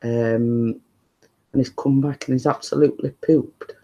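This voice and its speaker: A man hosting a casual live stream from his living room, talking quietly and rambling chattily to viewers. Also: mid-range voice, steady tone, measured pace. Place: living room at home, indoors.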